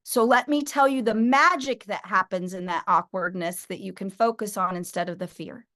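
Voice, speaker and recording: A woman trainer teaching her team, telling stories and acting out phone calls with lively energy. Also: medium pitch, moderate pace. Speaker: sales trainer.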